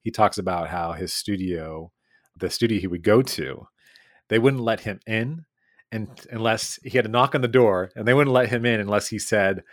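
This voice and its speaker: Animated man with a low voice, dry sound. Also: dry recording. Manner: animated and emphatic, with quick repeated restarts. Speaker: podcast guest. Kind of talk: casual chat.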